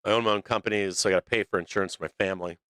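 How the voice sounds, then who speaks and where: A man's voice: fairly low pitch, fairly even intonation, rapid-fire, a bit bright, no room sound. A middle-aged man hosting a stock market livestream, talking in a blunt, profane, rambling way full of restarts. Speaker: stock market show host. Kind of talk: casual livestream rant.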